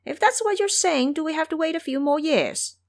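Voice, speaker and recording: A woman's voice: sits high, expressive, brisk, pitched above the performer's own voice. A woman voicing a group of eager little male demon minions who ask anxious questions.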